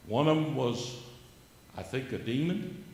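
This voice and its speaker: A man's voice: mid-range voice, lively intonation, a little slow, darkish tone. Older man testifying in echoey church. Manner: earnest storyteller, rising into fervent preaching. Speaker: church member giving testimony. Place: church sanctuary. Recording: echoey church hall with faint background noise.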